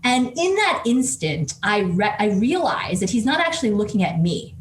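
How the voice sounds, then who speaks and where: A woman professor telling a story as a podcast guest, animated and quick, with many fillers. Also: medium pitch. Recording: roomy echo with faint noise.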